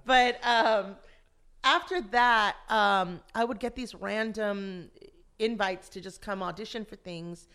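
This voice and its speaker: A woman, an actress and voice actor, chatting as an interview guest and telling animated stories. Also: medium pitch, slow, smooth. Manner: animated storyteller, acts out quotes. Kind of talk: casual interview chat.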